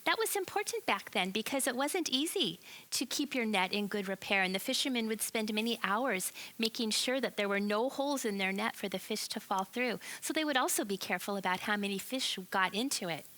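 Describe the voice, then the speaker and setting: A woman teaching a children's Bible lesson, telling the story in an animated way and asking the listeners questions. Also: mid-range voice, brisk, rough recording.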